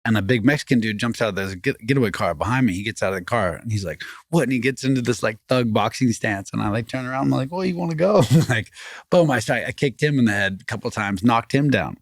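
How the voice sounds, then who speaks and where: A man, a podcast guest telling a story in rambling, animated casual talk full of restarts. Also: fairly low pitch, quick pace, no room sound, clean studio sound. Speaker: podcast guest, former fighting champion.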